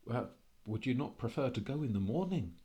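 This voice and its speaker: Angus, a man putting on a gruff hunter. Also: mid-range voice, animated, a little fast, mellow, voice pushed up, close to an everyday voice. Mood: wary. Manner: terse, stammering replies. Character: poor Scottish seal hunter, gruff family man.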